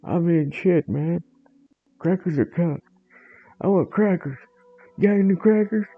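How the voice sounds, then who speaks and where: A man voicing a dim, food-obsessed male cat who keeps whining and begging loudly for crackers. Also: sits high, measured pace, phone-quality sound, pitched above the performer's own voice. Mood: whiny, pleading. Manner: whiny, loud and insistent.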